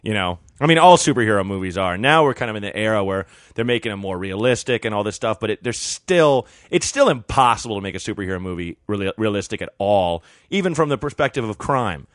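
A man's voice: lowish voice, lively intonation, fast talker, few pauses, dry recording, clean studio sound. A male comedian who is a guest on a podcast, talking in an easygoing way and peppering it with "you know". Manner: easygoing, musing talk with many "you know"s. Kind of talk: casual chat.

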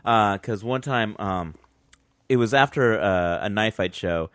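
A man's voice: fairly low pitch, a little slow, a bit bright, no room sound. A man co-hosting a podcast, telling a long story in a rambling way, with many fillers and restarts and frequent laughs. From Mexican heritage, grew up in US. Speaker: podcast co-host. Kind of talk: casual storytelling.

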